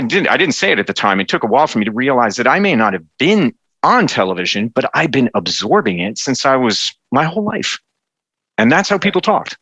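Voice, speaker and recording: Animated Canadian man chatting, bright voice. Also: medium pitch, no room sound. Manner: animated, stumbling restarts, acts out quotes. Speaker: federal cabinet minister, interview guest. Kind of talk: casual interview chat.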